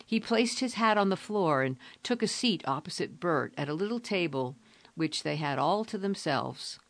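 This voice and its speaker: A woman narrating a storybook in a measured, steady way. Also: lowish voice. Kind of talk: storybook reading.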